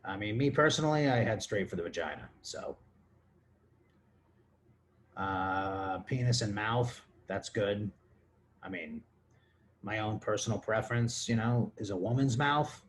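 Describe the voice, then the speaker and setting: A man's voice: on the low side, unhurried, long pauses, a little hiss or hum. Drunk rambling man, crude and loose. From Texas. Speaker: podcast host. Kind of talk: casual comedic monologue answering listener questions.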